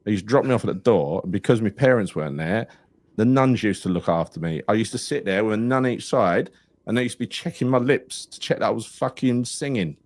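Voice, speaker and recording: Man, gravelly, dry mic, swearing storyteller on a live podcast. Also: fairly low pitch, expressive, a little fast, darkish tone, dry recording. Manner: swearing, storytelling, laughs a lot. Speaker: podcast co-host. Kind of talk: live football podcast chat.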